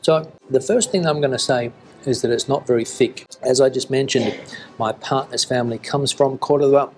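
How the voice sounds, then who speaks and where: A middle-aged man talking casually to camera in a restaurant as a food vlogger, relaxed and chatty, with frequent fillers. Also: medium pitch, normal speed. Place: restaurant in Spain.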